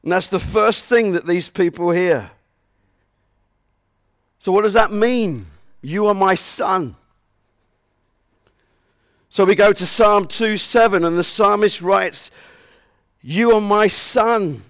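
Male preacher, higher voice, close dry sound, earnest, leans on repeated verses. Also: slow, long pauses, dry recording. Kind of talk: sermon.

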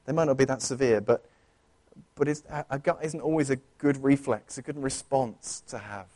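A man's voice: mid-range voice, moderate pace, warm tone. A man preaching a sermon in an earnest, conversational way, often restarting his sentences. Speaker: pastor. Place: church.

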